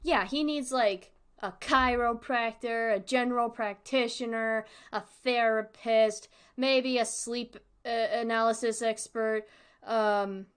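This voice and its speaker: A woman with a fairly high voice chats through a live reaction stream, rambling and digressive. She laughs often as she goes. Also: fairly even intonation, slow pace, clean tone. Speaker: streamer reacting to a horror series. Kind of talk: casual live-stream commentary.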